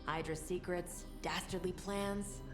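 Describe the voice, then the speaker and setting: A wry game heroine, with dry, sarcastic remarks. Her voice sits a little low. Loud music plays under the dialogue. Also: steady tone, slow. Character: wry female hero on a mission.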